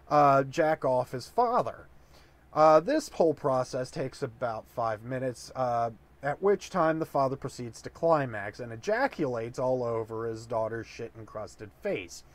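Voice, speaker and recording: A tipsy man rambles through an improvised dirty joke and stops often for fillers. His voice sits a little high. The recording is close and dry. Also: no echo. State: drunk. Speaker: comedic storyteller.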